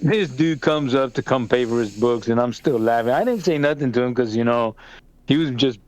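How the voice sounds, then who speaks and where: A man's voice: medium pitch, brisk. Older man telling a rowdy story. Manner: animated, swearing, laughing through the story. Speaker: storyteller on a family podcast. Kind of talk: casual storytelling chat.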